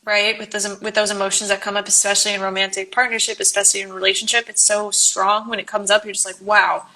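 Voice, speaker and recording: A woman's voice: mid-range voice, level tone, quick pace, sharp tone. A woman hosting a conversation about relationships, speaking earnestly and affirming the guest often. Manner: earnest, affirming, frequent agreement. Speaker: host. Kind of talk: casual conversation.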